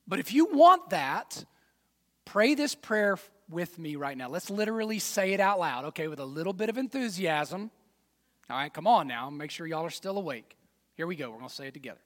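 A man preaching a sermon as pastor, folksy and direct, dropping to quiet asides and then rising to loud fired-up exhortation. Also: high voice, big-room sound. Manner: folksy, addresses congregation as y'all and man.

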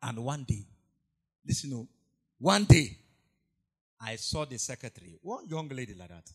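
A man preaching a sermon, telling stories and acting out the voices of the people in them, moving from hushed asides to loud cries. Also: medium pitch, fairly quick, breathy edge. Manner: animated storytelling, acts out quoted voices, swings from hushed to shouted. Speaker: pastor.

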